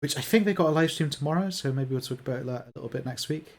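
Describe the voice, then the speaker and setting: A man's voice: fairly high pitch, very fast. A man co-hosting a casual gaming podcast, enthusiastic and rambling, with many fillers. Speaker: podcast co-host.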